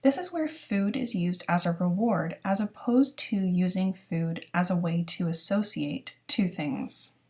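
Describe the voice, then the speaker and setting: A woman giving a recorded lesson as a dog training instructor, explaining step by step in a clear, teaching manner. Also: on the low side, a little slow, darkish tone. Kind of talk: recorded lecture narration.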